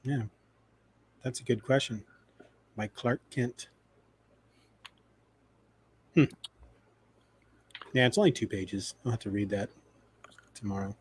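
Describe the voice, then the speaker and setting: A man co-hosting a podcast, retelling comic stories in a lively, animated way. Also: medium pitch, slow pace, long pauses, slightly rough. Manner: animated retelling, acting out quoted lines. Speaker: podcast co-host. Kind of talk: casual chat about comics.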